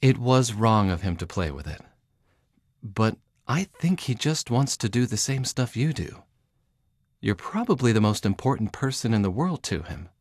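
A patient, caring storybook dad, played by a man, who talks things through gently with his children. His voice rises and falls with lots of life, and the recording is close and completely dry. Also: lowish voice, very animated, normal speed, no room sound. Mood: gently reasoning. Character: calm caring father of two boys. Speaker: voice actor.

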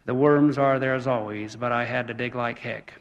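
A man reciting the words of a hardworking little red hen in a poem, soft and low-key, with a long hall reverb. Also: level tone, normal speed, dull audio, very noisy, close to an everyday voice. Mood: content.

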